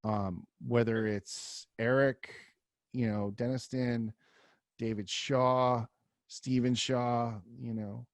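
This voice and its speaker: A male podcast host talks in a relaxed, rambling way, full of "um" and "like." His voice sits at an ordinary pitch. The mic is close and dry, with no room sound. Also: takes it slowly, dry recording. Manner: loose, rambling, lots of fillers. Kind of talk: casual podcast chat.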